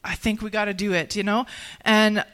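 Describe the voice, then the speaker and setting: Earnest woman with a smooth, clear voice. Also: medium pitch, level tone, fairly bright tone. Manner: earnest, halting, with many restarts and fillers. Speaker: guest sharing a personal testimony. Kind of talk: personal testimony in conversation.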